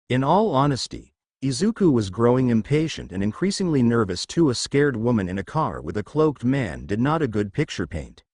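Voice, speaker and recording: A medium-pitched man reads a fan fiction story as an audiobook, voicing every character's dialogue in the same even tone. The recording is dry and clean, with studio sound.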